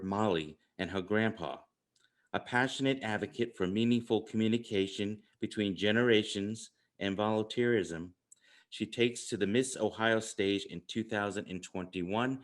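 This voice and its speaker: Lower-voiced New York man hosting. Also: fairly bright tone. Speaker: podcast host. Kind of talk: interview podcast.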